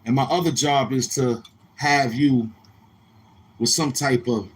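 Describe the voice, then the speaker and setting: A man hosting a casual livestream, talking in a loose, streetwise way. He says he is a little tired, and he sometimes gets loud and animated. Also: mid-range voice, measured pace, slight background noise. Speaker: livestream host. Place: outdoors near a street, car noise heard.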